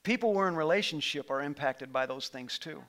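A middle-aged man preaching a sermon to a live congregation in a church, impassioned and building toward near-shouts. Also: on the high side, lively intonation, fairly quick. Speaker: pastor.

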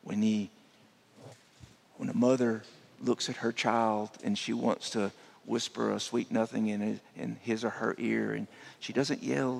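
A man preaching a sermon as a guest speaker, dropping to a hushed voice to make his points. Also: mid-range voice, creaky, breathy edge. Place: church sanctuary. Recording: long church hall reverb.

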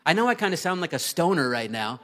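A man in his thirties preaching a sermon, earnest and emphatic, rising to loud urgency and dropping low to read scripture. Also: very animated, fast. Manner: earnest and emphatic, swings between loud urgency and quiet reading. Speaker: pastor.

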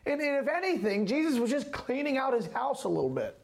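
A man's voice: very high voice, very animated, a little fast, gravelly. A man preaching a sermon as a pastor, emphatic, repeating key phrases and asking rhetorical questions.

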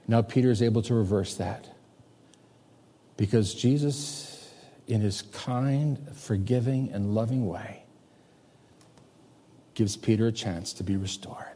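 A pastor in his fifties preaching a sermon, emphatic, swinging between loud and hushed. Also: mid-range voice, slow, pauses often. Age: 50s. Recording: long hall reverb.

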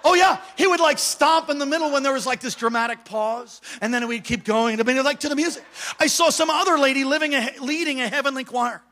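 A man preaching a revival sermon in a church, telling stories that swing from hushed asides to shouted calls. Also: very high-pitched, a little fast. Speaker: pastor. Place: church sanctuary.

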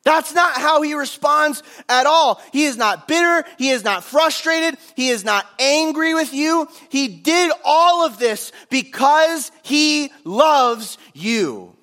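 A man's voice: extremely high pitch, expressive, takes it slowly, few pauses, sharp tone. A man preaching a sermon, earnest and emphatic, driving points home through repetition.

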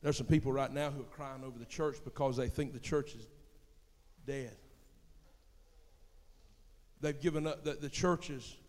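A middle-aged man preaching a sermon as pastor in a church, swinging from quiet murmurs to loud shouts. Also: mid-range voice, moderate pace, long pauses, big-room sound. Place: church sanctuary.

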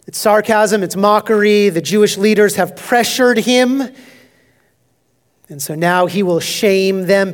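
A male pastor preaching an expository sermon, emphatic, swinging between loud declarations and hushed, near-whispered asides. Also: high-pitched, a little slow.

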